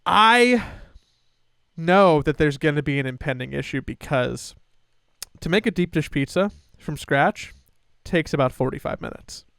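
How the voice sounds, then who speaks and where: A young man co-hosting a podcast, telling a story in a casual, animated way and acting out his family members' lines. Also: a little high, measured pace, vocal fry, clean tone, no room sound, clean studio sound. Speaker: podcast co-host.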